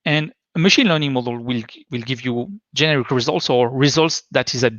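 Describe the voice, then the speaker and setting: Male tech presenter, mid-pitched, halting explanatory delivery; muffled, dry recording. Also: fairly bright tone, no room sound. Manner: hesitant, explanatory, stop-start phrasing. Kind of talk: online tech talk presentation. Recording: dull lo-fi dry sound.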